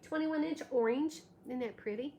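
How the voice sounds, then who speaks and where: A woman with a high, mellow voice speaks at a normal speed while hosting a live craft tutorial, thanking viewers by name as she demonstrates. She sounds a little tired and has allergies. The room is echoey, with faint background noise.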